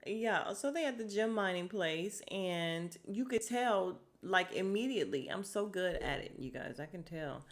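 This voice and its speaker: A woman's voice: mid-range voice, lively intonation, a little slow, hardly any pauses. A woman recapping a reality show on her podcast in a chatty, exasperated way, acting out the cast's lines. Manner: chatty and exasperated, acts out cast members' lines. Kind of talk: casual solo recap.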